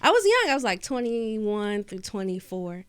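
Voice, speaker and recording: A woman's voice: medium pitch, big pitch swings, normal speed, clear, resonant tone, no room sound. A young woman from Maryland, a public speaking coach, telling her story in a casual interview with careful, articulate diction. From Maryland, USA.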